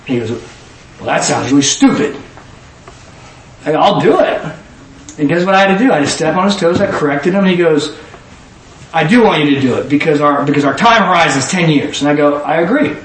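A man preaching a sermon in a church hall, animated, sometimes rising to a shout and acting out both sides of conversations. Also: fairly high pitch, fast. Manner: animated, rising to shouts, quoting people in dialogue. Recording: echoey room from far off, faint noise.

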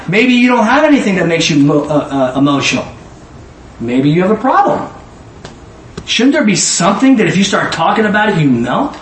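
A middle-aged man giving informal Bible teaching, swinging from low musing to high emotional exclamations. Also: very animated, brisk. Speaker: preacher. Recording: echoey room, mic at a distance, faint ambient noise.

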